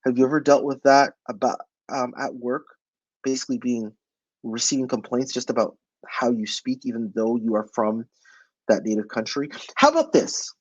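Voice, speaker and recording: A man's voice: medium pitch, steady tone, normal speed, breathy edge, dry recording, dull audio. A man giving a motivational webinar talk as the presenter. He speaks emphatically and asks his audience many rhetorical questions.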